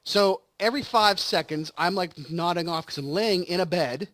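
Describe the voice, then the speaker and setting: A man's voice: sits high, moderate pace, a bit bright, no room sound. A man hosting a game video, telling a long, rambling story in casual chat while recovering from surgery. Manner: rambling storytelling with acted quotes. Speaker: let's play host. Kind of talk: casual chat over gameplay.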